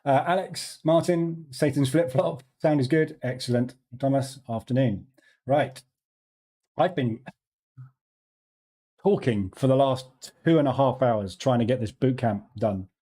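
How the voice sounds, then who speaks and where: A man's voice: mid-range voice, unhurried, mellow. A man hosting a live trading stream, chatting casually with viewers, greeting them by name and laughing easily, on a studio microphone.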